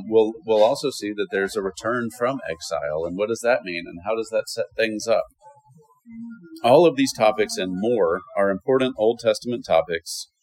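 A man with a fairly low voice teaches a Bible lesson to a class, asking lively questions and answering them himself. The audio quality is poor.

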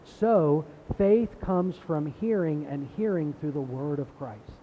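A man's voice: a little high, animated, takes it slowly, phone-quality sound, slight background noise. A man giving a sermon as pastor, in a conversational preaching style that repeats words and builds emphasis.

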